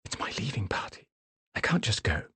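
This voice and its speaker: A man voicing a soft-spoken woman lawyer in an audiobook, raising his voice for her. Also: a little high, very animated, fairly quick, slightly rough, no room sound, voice pushed up. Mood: gentle. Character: woman, lawyer, gentle and soothing.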